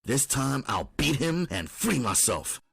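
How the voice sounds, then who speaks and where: A man's voice: medium pitch, sing-song, a little slow, gravelly, a bit bright, breathy edge, no room sound, clean studio sound, voice pushed up, heavily acted. A man voicing a streetwise middle-aged woman who runs a brothel, drawling endearments like honey and baby. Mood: confronting. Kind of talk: audiobook character voice.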